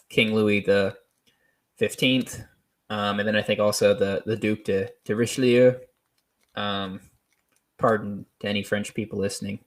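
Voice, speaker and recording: A man hosting a solo show, talking off the cuff in a rambling, hesitant way with many pauses, restarts and small laughs. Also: on the low side. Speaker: podcast host. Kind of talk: unscripted solo commentary.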